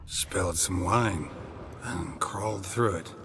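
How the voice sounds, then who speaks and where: An actor playing a weary, stoic male witcher who speaks in a dry, terse deadpan. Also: deep voice, takes it slowly, noisy background. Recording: game cutscene with music behind.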